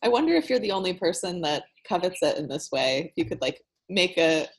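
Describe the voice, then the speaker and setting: A woman co-hosting a casual podcast chat, lively and quick to laugh, leading the questions. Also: lowish voice. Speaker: podcast co-host.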